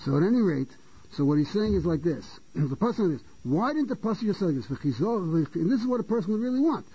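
A man's voice: sits high, animated, quick pace, warm tone, slightly rough. A man teaching a Torah lecture, stopping to repeat and restart phrases, and asking questions that he then answers himself. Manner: poses rhetorical questions and answers them. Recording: dull lo-fi recording.

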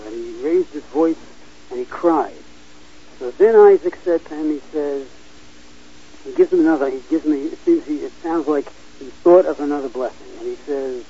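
A man teaching a Torah class, halting often with fillers and restarts as he reads verses aloud and explains them. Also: on the high side, warm tone, a little hiss or hum. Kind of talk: Bible class lecture. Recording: dull lo-fi recording.

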